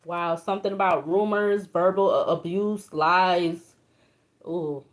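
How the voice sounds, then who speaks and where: A woman's voice: lowish voice, steady tone, measured pace. A young woman doing a casual tarot reading, reading card meanings aloud in an emotional, colloquial way. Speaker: tarot reader.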